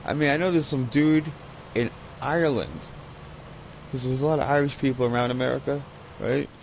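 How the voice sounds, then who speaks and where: Profane rambling gamer on a headset. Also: male voice, medium pitch, moderate pace, lo-fi sound, slight background noise. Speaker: gaming channel host. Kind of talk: casual chat while gaming.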